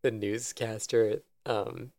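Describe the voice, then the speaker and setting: A man co-hosts a casual chat, joking and laughing as he talks. His voice has a gravelly fry running through it. The sound is dry and close, with no room around it. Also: fairly low pitch, flat delivery, takes it slowly, darkish tone, dry recording. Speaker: podcast co-host. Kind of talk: casual chat about anime.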